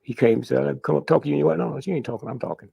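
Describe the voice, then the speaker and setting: An older man, telling stories in an interview with a blunt, profane manner and a husky, gravelly voice. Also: mid-range voice, very fast, dark tone. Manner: blunt, profane, punctuating with "huh?". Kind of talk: candid storytelling interview.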